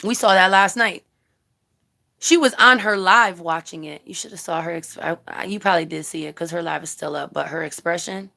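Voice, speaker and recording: She speaks a little fast with a low-leaning voice, vocal fry and a sharp edge. This YouTube commentary vlogger is heatedly and bluntly ranting to her live stream audience, swearing freely and chatting right at them.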